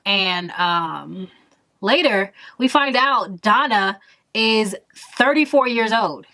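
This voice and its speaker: A woman in her twenties telling a story in a vlog, animated and emphatic, full of exasperation. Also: mid-range voice, takes it slowly, no echo. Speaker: vlogger.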